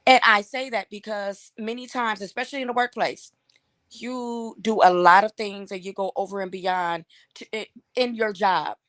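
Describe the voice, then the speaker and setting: A woman's voice: mid-range voice, steady tone, moderate pace, a bit bright, no room sound, clean studio sound. Blunt, reflective woman co-host. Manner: blunt and reflective, with casual cursing. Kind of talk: casual chat.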